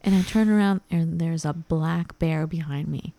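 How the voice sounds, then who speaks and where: A woman co-host telling a story in a relaxed, mellow voice that sits a little low. She throws herself into the quoted dialogue and acts out each person as she goes. The sound is dry and close. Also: moderate pace, creaky, dry recording. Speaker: podcast co-host. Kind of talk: casual storytelling chat.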